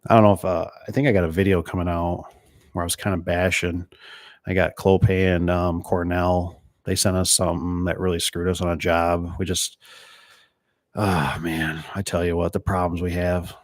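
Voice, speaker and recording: Low-voiced rambling man from Michigan. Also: little pitch movement, normal speed, no echo, studio quality. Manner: rambling, storytelling, mimics voices in quotes. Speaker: door and gate installer hosting a live stream. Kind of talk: casual chat reading viewer comments.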